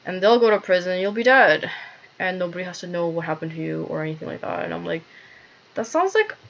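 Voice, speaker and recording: A woman's voice: on the low side, steady tone, quick pace, vocal fry, fairly bright tone. A woman telling a rambling, agitated personal story to camera, full of fillers and swearing. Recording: dull lo-fi recording.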